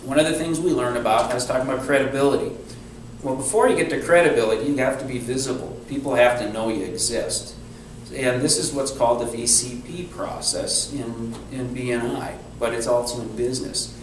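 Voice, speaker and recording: A man's voice: medium pitch, a little fast, a little hiss or hum. A man giving a talk to a business networking group, telling a story and acting out the quotes. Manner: animated storyteller, acts out quotes. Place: meeting room. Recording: echoey room from far off.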